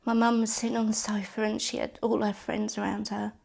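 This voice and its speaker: A woman recounts her family's loss in an interview, her speech halting and full of restarts. Her voice is gravelly and stays flat in pitch, at a middle height for a woman. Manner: halting, with repeated words and restarts. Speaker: bereaved sister interviewed. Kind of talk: personal testimony interview.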